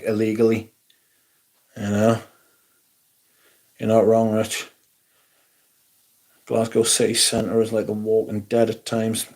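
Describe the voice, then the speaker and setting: A man's voice: on the low side, a little mellow. Middle-aged man, livestream host, sweary and rambling. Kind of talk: casual livestream chat.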